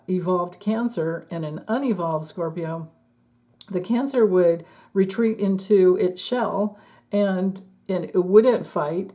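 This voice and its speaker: A woman's voice: lowish voice, warm tone. A woman astrologer giving a casual, chatty forecast, laughing often and trailing off mid-thought.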